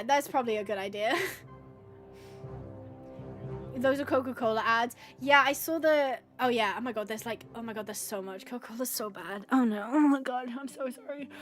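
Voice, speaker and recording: Chatty high-voiced woman streamer. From United Kingdom. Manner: chatty, bubbly, reads out and answers chat. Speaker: gaming livestream host. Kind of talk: casual live-stream chat with viewers. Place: at home.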